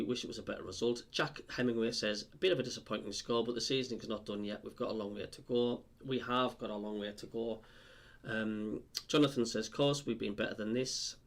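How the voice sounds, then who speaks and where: A man with a Sunderland (Mackem) accent, streaming live as a football fan, reading out viewer comments in a blunt, frustrated, deflated way with lots of ums. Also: medium pitch. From Sunderland, England.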